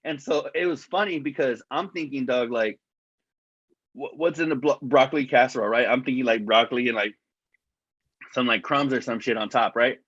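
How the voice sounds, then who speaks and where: A man's voice: mid-range voice, fairly quick, a bit bright, husky, no room sound, dull audio. A man co-hosting a podcast, telling long rambling stories full of swearing and calling his friend "dog". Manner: profane, rambling storyteller, says "dog" a lot. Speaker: podcast co-host. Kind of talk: casual chat.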